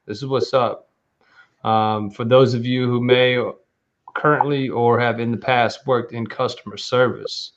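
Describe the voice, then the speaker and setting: A man's voice: medium pitch, fairly even intonation, a little slow. Laid-back male co-host, muffled sound. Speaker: podcast co-host. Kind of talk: casual chat.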